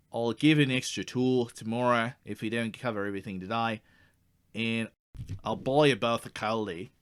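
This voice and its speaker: A man's voice: mid-range voice, fairly bright tone, smooth, dry recording, studio quality, close to an everyday voice. A man playing a blunt, slangy male Australian outback guide in a comedy sketch, with an Australian accent, stammering when he gets worked up. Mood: apologetic. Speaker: tour guide.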